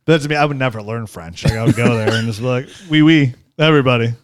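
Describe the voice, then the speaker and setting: A man's voice: mid-range voice, fast talker, no echo, studio quality. A man in his forties hosting a podcast, joking around and laughing often in casual chat. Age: 40s. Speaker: podcast host.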